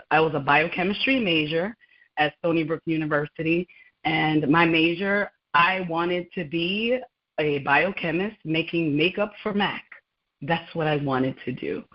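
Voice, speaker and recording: A woman guest on a radio interview, telling her story with animation, laughing often and acting out dialogue. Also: low-pitched. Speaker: guest, laboratory scientist. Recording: muffled lo-fi sound.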